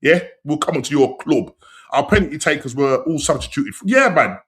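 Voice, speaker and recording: A man hosting a football podcast, talking in animated, slang-heavy banter and laughing often. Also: a little high, brisk. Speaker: podcast host.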